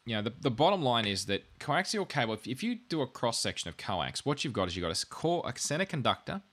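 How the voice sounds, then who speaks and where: A man's voice: medium pitch, big pitch swings, fast, a bit bright. A man hosting a podcast, explaining technical gear in a rambling, self-deprecating way with jokey asides. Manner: wired, says he has had too much coffee. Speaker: podcast host explaining networking. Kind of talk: casual technical explainer chat.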